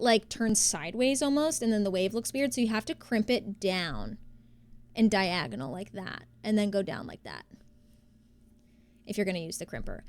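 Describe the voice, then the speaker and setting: A young woman chatting casually on a live stream, rambling with lots of fillers and restarts. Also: mid-range voice. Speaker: livestreamer.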